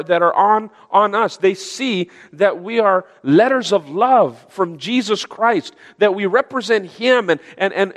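A man preaching a sermon with earnest emphasis, repeating key phrases and restarting often. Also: sits high. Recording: long reverb of a large hall.

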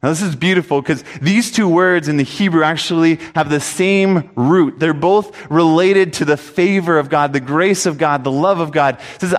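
A man's voice: a little high, normal speed, few pauses. A man preaching a sermon, telling a story earnestly and reading scripture aloud. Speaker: pastor. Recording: long hall reverb.

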